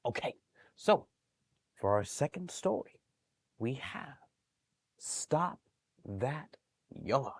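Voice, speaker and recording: A man working as a library storyteller, reading bedtime stories to young children in a gentle, animated way. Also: medium pitch, very slow, gravelly, pauses often, husky.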